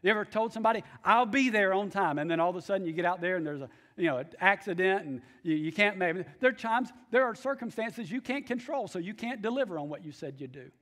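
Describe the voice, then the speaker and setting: Male pastor, high-pitched, emphatic preaching with repeated phrases. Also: expressive, fast, few pauses, fairly bright tone. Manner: emphatic, repeats key phrases, calls for amens. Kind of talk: sermon.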